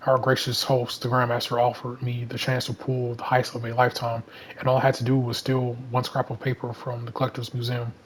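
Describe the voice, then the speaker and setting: Man reading sly Cajun thief, Southern voice, flat delivery, mid pitch. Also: brisk, a little hiss or hum, lightly acted, low-quality recording. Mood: explaining. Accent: Southern American. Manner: reads lines plainly in his own voice. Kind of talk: casual comic read-through.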